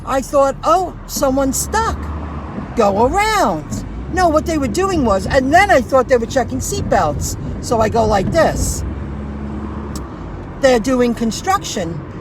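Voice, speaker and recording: A woman with a high voice tells a rambling story on a casual livestream from inside a car. She repeats herself and restarts sentences as she goes. Clear road noise runs behind her voice. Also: very animated, unhurried. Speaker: food delivery driver vlogger.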